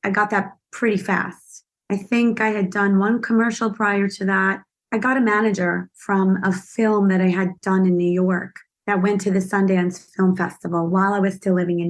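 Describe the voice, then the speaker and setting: A woman with a mid-range voice tells stories from her acting career as a podcast guest. She is lively and self-deprecating, and she laughs at her own missteps as she goes. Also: mid-range voice. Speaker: actress guest. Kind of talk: podcast interview storytelling.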